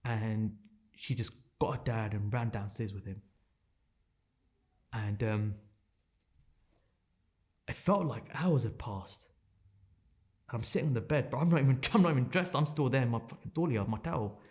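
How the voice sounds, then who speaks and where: A man's voice: medium pitch, normal speed, pauses often, a little mellow. A man in his thirties, a podcast guest telling a painful personal story in a raw, intense way, swearing and repeating phrases for emphasis.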